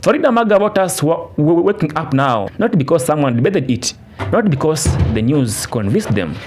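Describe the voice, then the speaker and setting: A man's voice: a little high, big pitch swings, moderate pace, faint music behind. A man narrating a political commentary, emphatic and repetitive, with restarts. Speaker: channel narrator. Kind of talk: commentary voice-over.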